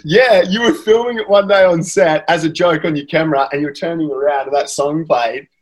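A man's voice: on the high side, brisk, low-quality recording. A man with an Australian accent, a guest on a podcast, chatting casually in a rambling, self-deprecating way. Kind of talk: casual chat.

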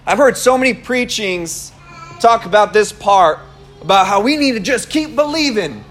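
A man's voice: high voice, animated, normal speed, fairly bright tone, soft background music. A young man giving a casual, conversational sermon, telling stories animatedly and laughing often. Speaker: preacher.

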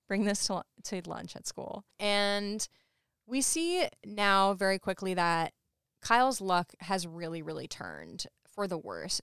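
A woman's voice: medium pitch, smooth, no room sound, studio quality. A woman co-hosting a podcast, recapping a movie in casual chat, laughing often and acting out the characters' lines. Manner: laughs often, animated retelling with quoted voices. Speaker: podcast co-host.

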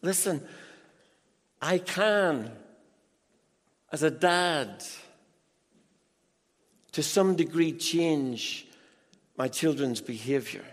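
A middle-aged man preaching a sermon as a pastor, emphatic and animated, with asides to the congregation. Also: on the high side, drawn-out words, long pauses. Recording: long reverb in a large hall.

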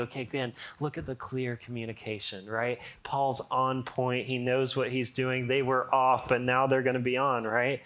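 A man's voice: medium pitch, fairly even intonation, normal speed, few pauses, fairly bright tone. A male pastor giving a sermon, chatting and joking with the congregation and reading scripture aloud with mounting energy. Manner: humorous, conversational, reads scripture aloud with rising energy.

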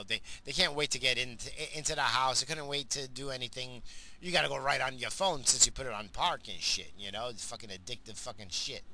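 A man's voice: medium pitch, sharp tone, a little hiss or hum, rough recording. A middle-aged man telling a rambling, profane story about his family in a casual vlog. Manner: rambling, profane, lots of fillers. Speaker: vlogger, father.

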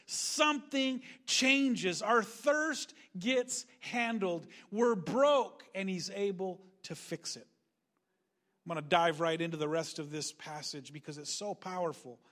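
Brief: man preaching a sermon, higher voice, animated, acts out the voices he quotes. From Northern California. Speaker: pastor.

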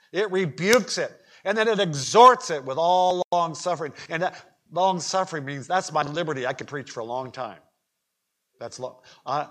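A man preaching a sermon at a church pulpit, swinging from quiet asides to shouted emphasis, with folksy humor and questions to the congregation. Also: a little high. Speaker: pastor. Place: church sanctuary.

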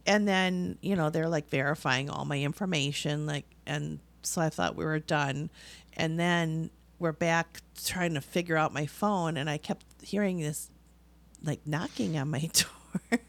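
A woman's voice: low voice, unhurried. Laughing woman telling a story. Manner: animated storytelling, laughing often. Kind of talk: casual chat.

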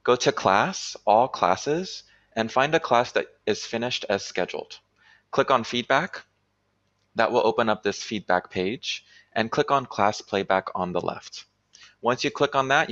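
Brief: man teacher trainer, lowish voice, clear instructional delivery, dull lo-fi sound. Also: a bit bright. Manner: clear instructional talk with frequent "right?". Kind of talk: online teaching workshop.

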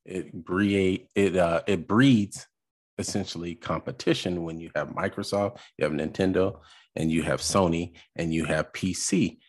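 A man hosting a podcast, reacting to a video in casual commentary, exasperated and halting with fillers. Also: low voice.

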